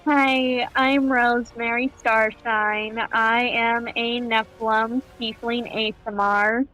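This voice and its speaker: A woman tabletop player speaks in a slow, level voice with little pitch movement. She talks casually over a voice call. Faint music sits behind her. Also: level tone, sharp tone, poor audio. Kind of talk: casual game chat.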